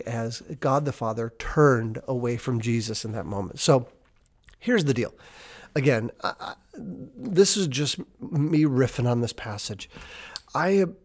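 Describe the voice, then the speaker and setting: A man preaching an informal sermon, retelling scripture in a casual, riffing way and slowing down to stress key words. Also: medium pitch, lively intonation. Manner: conversational, unscripted, slows down for emphasis. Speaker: pastor.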